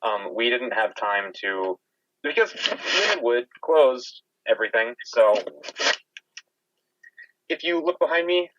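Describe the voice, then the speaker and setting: A young man co-hosting a casual podcast, wry and relaxed as he tells stories. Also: medium pitch, takes it slowly, pauses often. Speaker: podcast co-host. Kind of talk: casual chat. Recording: dull, lo-fi mic.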